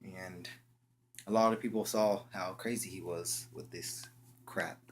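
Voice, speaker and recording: A young man telling a story in a casual, slangy way, halting often and restarting his sentences. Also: deep voice, steady tone, a little hiss or hum. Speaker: vlogger.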